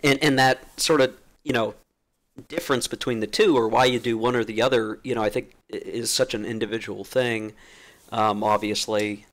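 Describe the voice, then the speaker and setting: A man muses on his own channel in a loose, informal essay, rambling with many fillers and restarts while still recovering from being sick and clearing his throat. He's an adult who played from his teenage years through college, and his medium-pitched voice is steady and at a normal speed.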